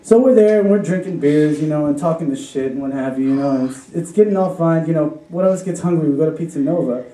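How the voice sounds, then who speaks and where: A man's voice: on the high side, fast, few pauses, warm tone. A young man from Chicago telling a story at a live story slam, rambling and profane, laughing as he goes. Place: live venue with an audience. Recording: roomy live recording from far off.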